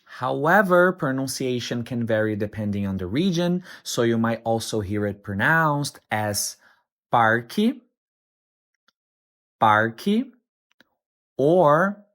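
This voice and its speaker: A man giving a scripted pronunciation tutorial, upbeat and repeating words slowly and carefully. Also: medium pitch, a bit bright. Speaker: pronunciation teacher.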